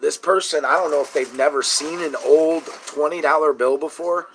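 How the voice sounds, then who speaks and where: A man's voice: a little high, steady tone, moderate pace, slight background noise. A man telling a long, profane, indignant story in casual talk. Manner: indignant, profane, rising to shouting. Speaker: host.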